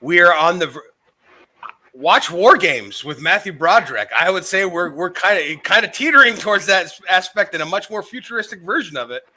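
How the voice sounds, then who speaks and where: Bright-voiced rambling male podcast host. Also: high voice, expressive, fairly quick. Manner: rambling, profane, laughing at himself. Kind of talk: casual chat.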